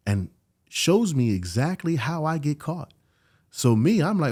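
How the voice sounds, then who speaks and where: A man's voice: a little high, very animated, unhurried, darkish tone. A middle-aged man, a podcast guest, telling a personal story in casual conversation and acting out the dialogue he quotes. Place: podcast studio.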